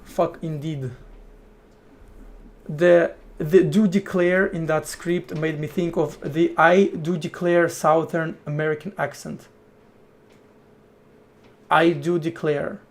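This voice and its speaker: Guy coding live on stream, slow easy talk, slangy, swears a bunch, thinks out loud. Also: on the high side, fairly even intonation. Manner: slangy, swears freely, thinks aloud in short bursts. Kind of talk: casual live-stream chat while programming.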